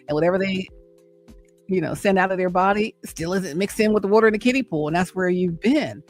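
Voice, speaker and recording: A middle-aged woman hosting a motivational faith talk on a livestream, speaking with an emphatic, repetitive, preacher-like cadence and coaxing her listeners. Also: mid-range voice.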